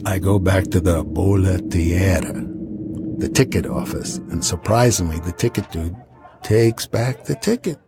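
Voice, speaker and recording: A man in his seventies telling a travel story from his past, with wry, dry asides. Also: low-pitched. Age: 70s. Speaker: podcast host.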